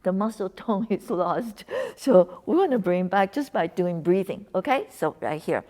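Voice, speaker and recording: A woman's voice: medium pitch, animated, moderate pace. Woman coaching a breathing lesson. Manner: coaching, encouraging, slips into soft whispers on cues. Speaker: wellness instructor.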